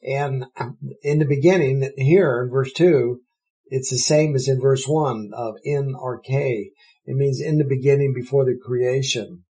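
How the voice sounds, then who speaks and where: A man's voice: medium pitch, measured pace, dark tone, poor audio. A man teaching the Bible verse by verse, explaining Greek words with eager enthusiasm.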